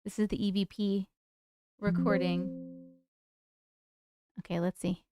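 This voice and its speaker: A woman hosting a casual live stream from her desk at home, chatty and excitable, swearing freely. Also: medium pitch, slow pace.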